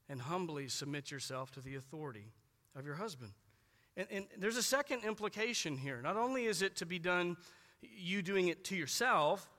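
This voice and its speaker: A man preaching with a high, bright voice that rings through a hall with a long reverb. He is emphatic, repeats his key phrases and slows down sharply to press home single words. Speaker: pastor. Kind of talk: sermon.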